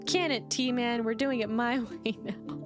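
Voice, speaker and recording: A woman reads a grumpy female ex-warrior turned tea seller, bossy and indignant. The voice sits a little high, with faint music underneath. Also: steady tone, measured pace, natural voice.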